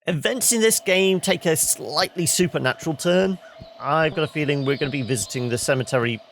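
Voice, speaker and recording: A man's voice: mid-range voice, fairly bright tone. A man giving rambling, wry commentary while playing a video game, often correcting himself mid-sentence. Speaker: gameplay video host. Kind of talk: let's play commentary.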